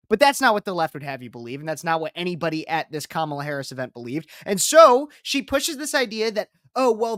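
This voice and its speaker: A woman's voice: fairly low pitch, fairly bright tone, no echo, clean studio sound. A woman political commentator reacting to a speech clip, talking in an emphatic, repetitive and combative way.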